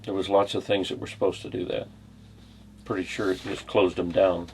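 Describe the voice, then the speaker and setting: With a low-pitched, level voice and a slightly fast delivery, a middle-aged U.S. former bodyguard rambles through stories and chuckles in a casual interview. A faint hiss or hum runs under the audio.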